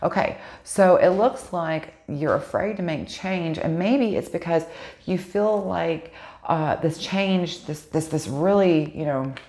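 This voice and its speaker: A woman giving a casual tarot card reading for her channel, chatty and excitable, swearing freely as she pulls cards. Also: fairly low pitch, takes it slowly. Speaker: tarot reader.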